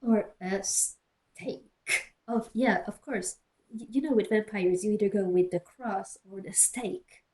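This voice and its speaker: A young woman streamer reads a story aloud in a small closed room, mocking it with sarcastic asides and muttered jokes. Her voice is medium-pitched, unhurried and mellow. The cheap gaming headset gives poor audio.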